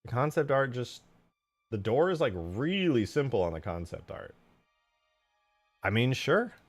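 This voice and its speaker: A man streaming as he builds a game mod, chatting casually while he works. He mutters quietly as he models, then bursts out loudly to thank viewers. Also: medium pitch, sing-song, unhurried, faint music behind.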